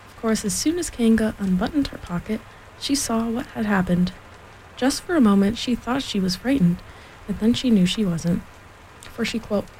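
A woman reading a children's storybook aloud in a gentle, unhurried, soft manner. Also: medium pitch, slight background noise, low-quality recording. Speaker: reader. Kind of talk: bedtime story read-aloud. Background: faint rain and fireplace ambience.

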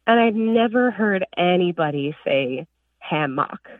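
A woman from northern Illinois calling a radio show, eagerly telling a story in an animated way. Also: fairly low pitch, a little slow, no echo. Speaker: caller. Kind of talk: phone call to a radio show. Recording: tinny distant phone line.

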